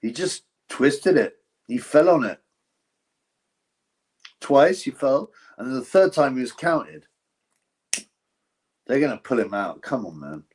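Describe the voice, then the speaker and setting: A man hosts a live stream about a boxing event, his medium-pitched, darkish voice sing-song and slow, with long pauses. He is blunt and ranting, chuckles in asides, and reads out viewer donations.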